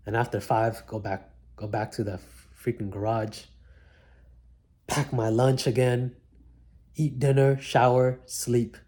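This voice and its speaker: In a one-take vlog recorded on a single mic, a man with a mellow, lowish voice tells stories about his life. His laid-back, reflective talk is slangy and sprinkled with "like" and "man."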